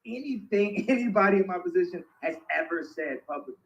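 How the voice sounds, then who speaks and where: High-voiced man in a dull interview clip. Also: lively intonation, brisk, fairly bright tone. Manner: laughs through his words.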